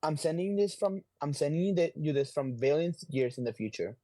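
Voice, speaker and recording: A man voicing a grave male sorcerer who speaks in a deadpan way. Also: a little high, fairly quick, close to an everyday voice. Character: dry, gloomy male sorcerer from the future.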